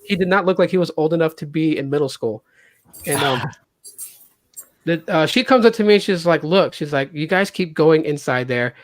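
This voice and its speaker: A man with an animated way of telling a story, who acts out the people he quotes. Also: moderate pace, no room sound. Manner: animated, acts out quotes with jumps in pitch and loudness. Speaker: podcast host. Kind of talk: casual storytelling.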